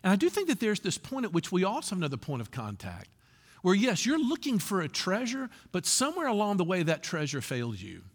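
A male pastor delivers a sermon in a church sanctuary, slipping into acted quotes as he tells stories. His voice sits slightly high and rises and falls with lively swings of pitch. A long hall reverb trails behind every phrase. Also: brisk. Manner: animated storytelling with acted quotes.

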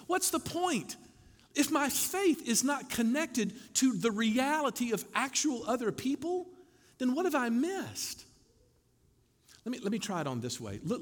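A man preaching a sermon to his congregation as pastor, animated, with wry asides. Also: high voice. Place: church sanctuary. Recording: long hall reverb.

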